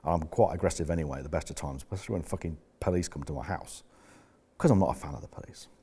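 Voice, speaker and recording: Blunt business coach, very low voice, swears freely, rambling. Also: male voice, quick pace, warm tone, breathy edge. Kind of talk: candid coaching talk to members.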